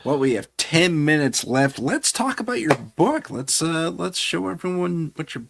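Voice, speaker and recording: A man's voice: on the high side, expressive, moderate pace, vocal fry, fairly bright tone, slight background noise. A man hosting a casual interview, reacting briefly and prompting his guest. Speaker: show host.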